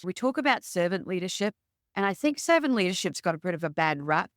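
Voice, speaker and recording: A woman with an Australian accent, a leadership expert guest telling stories in a relaxed interview and acting out quotes as she goes. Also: on the low side, fast talker, no room sound, studio quality. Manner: lively, acts out quotes in her stories. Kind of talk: conversational interview storytelling.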